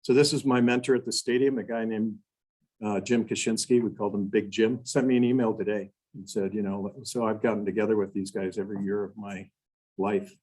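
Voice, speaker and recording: Older man with a husky, low voice. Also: steady tone, fairly quick, darkish tone, low-quality recording. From Wisconsin. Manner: folksy, quotes mentors in their own words, many restarts. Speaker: guest speaker. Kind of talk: storytelling talk to a club meeting. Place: meeting room.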